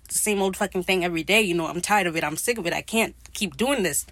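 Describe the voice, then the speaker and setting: Bored male pirate captain, as a woman quotes him, offhand, in a lowish, dry-sounding voice. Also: fast, fairly bright tone, no echo. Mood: weary.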